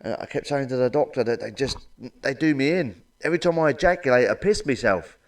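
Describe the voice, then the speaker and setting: A middle-aged man doing blunt, crude stand-up one-liners with a deadpan delivery and plenty of swearing. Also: medium pitch, fast talker, distant mic. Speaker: stand-up comedian.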